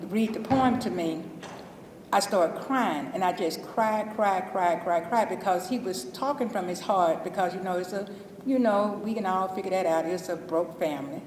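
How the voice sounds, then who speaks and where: A woman's voice: fairly low pitch, darkish tone. A middle-aged woman from Alabama with a Southern accent, telling heartfelt stories in a chatty, informal way about her work as a school custodian. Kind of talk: interview testimony. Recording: echoey hall, distant mic, faint noise.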